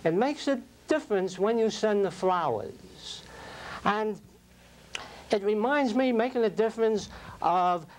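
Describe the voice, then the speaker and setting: An older man giving a prepared speech at a speaking club, telling stories and reading quotes in a slow, deliberate, reflective way. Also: high voice, animated, poor audio.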